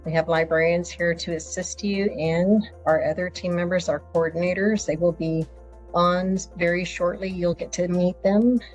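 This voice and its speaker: A woman's voice: lowish voice, steady tone, normal speed, a little mellow, faint music behind. A woman with a Texas accent, a college library director, giving a brief, friendly orientation talk on a video call with a few hesitations.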